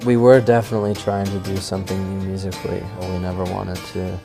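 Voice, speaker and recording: A man, a musician, giving laid-back, halting interview answers that trail off. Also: low voice, level tone, creaky, music in the background.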